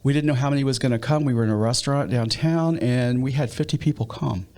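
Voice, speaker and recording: A man's voice: mid-range voice, quick pace, darkish tone. A man with a Midwestern American accent, a pastor who leads a nonprofit, telling stories in an interview with many restarts. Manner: storytelling, with frequent restarts. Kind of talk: interview conversation.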